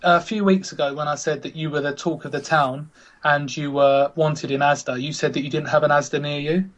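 A man's voice: a little high, fairly even intonation, a little fast. A man hosting a casual podcast chat, teasing his co-hosts and setting up scenarios. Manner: teasing, chatty, sets up scenarios. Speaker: podcast host.

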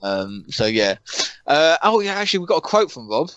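A young man co-hosting a podcast, chatting casually in a flat, monotone way. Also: on the high side, moderate pace, no room sound, lo-fi sound. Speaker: podcast co-host. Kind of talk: casual chat.

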